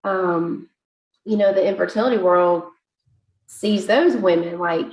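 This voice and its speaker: A woman guest on a podcast, telling a personal story in a chatty, animated way with many fillers. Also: fairly low pitch, measured pace. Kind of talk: casual interview storytelling. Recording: echoey room.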